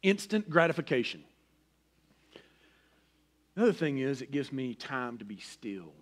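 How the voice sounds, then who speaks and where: Man preaching with hushed, soaring swings. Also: mid-range voice, big pitch swings, unhurried. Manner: dynamic, swings between loud emphasis and hushed near-whisper; folksy, personal asides. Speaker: pastor. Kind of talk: sermon.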